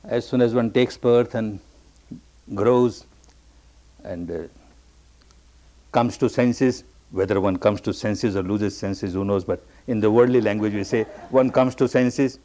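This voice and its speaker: A man's voice: on the low side, fairly even intonation, a little slow, pauses often, mellow. A man giving a meditation discourse, telling teaching stories, repeating key phrases for emphasis and acting out the people he quotes.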